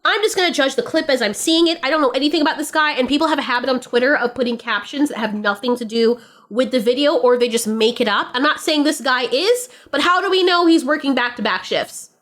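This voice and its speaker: A woman hosting reaction commentary, who rants in an animated way, swears and laughs. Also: high-pitched, fast talker. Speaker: reaction video host.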